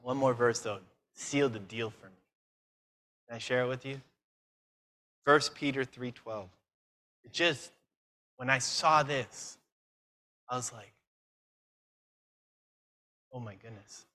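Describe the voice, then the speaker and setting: Brisk bright-voiced man preaching. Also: medium pitch. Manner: lively, fires questions at the audience; self-mocking asides. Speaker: conference speaker. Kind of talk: conference sermon.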